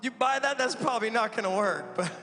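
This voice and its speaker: Pastor guy cracking jokes in his sermon, high bright voice, big church reverb. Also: brisk. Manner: joking, animated preacher with laughs and audience asides. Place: church sanctuary. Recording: long hall reverb with faint music.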